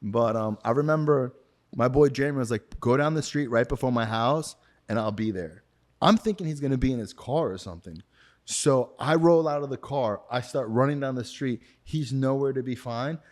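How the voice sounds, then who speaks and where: A man who is a podcast guest, telling a story in casual talk. He swears freely, uses slang and acts out what other people said, getting loud and excited during the chase. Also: mid-range voice, normal speed. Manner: gets loud and excited when retelling the chase.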